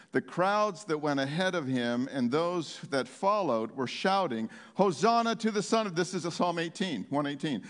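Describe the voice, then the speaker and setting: A man preaching a sermon in a church, exuberant and animated, rambling into asides and laughing often. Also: fairly high pitch. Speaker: pastor. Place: church sanctuary. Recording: long hall reverb.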